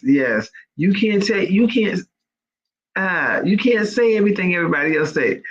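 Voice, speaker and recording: Slow emphatic man, lo-fi sound. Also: a little high. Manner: emphatic and repetitive, preacherly. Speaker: host of a faith livestream. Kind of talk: inspirational livestream talk. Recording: dull lo-fi sound.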